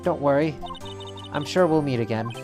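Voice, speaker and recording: A man voicing a calm, kind woman mentor spirit who speaks gently and softly, with light music behind. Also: on the high side, normal speed, close to an everyday voice. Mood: gentle.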